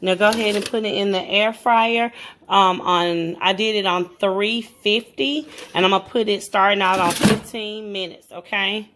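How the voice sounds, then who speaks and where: A woman's voice: mid-range voice, steady tone, normal speed, fairly bright tone, slight background noise. A woman talks her viewers through a home recipe in a chatty, casual way, now and then stammering over her words. Her voice sits in the middle of the range. Faint kitchen sizzle runs underneath. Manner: chatty, addresses viewers as guys, some stammering. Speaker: cooking vlogger. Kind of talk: casual cooking tutorial.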